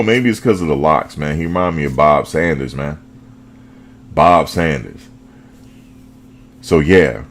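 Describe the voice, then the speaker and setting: A man hosting a fan show, talking football in a casual, animated way, full of slang and repetition. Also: rumbling low, measured pace, long pauses. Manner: animated, repeats himself, slangy.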